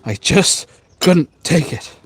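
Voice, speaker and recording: A man hosting a casual tea live stream outdoors on a rooftop garden, chatting with viewers in a jokey, rambling, deadpan way with many fillers. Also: a little high, slow pace, slight background noise. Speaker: tea livestream host.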